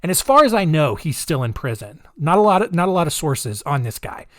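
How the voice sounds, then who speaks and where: A man's voice: fairly high pitch, big pitch swings, a little fast, a bit bright, dry recording, clean studio sound. A man hosting a podcast, telling a true-crime story casually with a sarcastic, giggly, incredulous manner. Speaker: podcast host.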